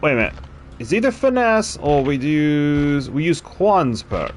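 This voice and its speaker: A man's voice: on the high side, sing-song, unhurried, faint music behind. A man streaming a game, chatting casually and thinking aloud about his choices between frequent laughs. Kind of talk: casual gameplay commentary.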